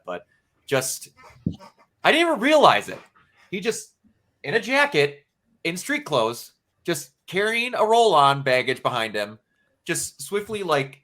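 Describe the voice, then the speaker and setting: A man co-hosting a podcast, telling a personal story in casual chat with emotional, animated storytelling. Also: mid-range voice. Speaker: podcast co-host.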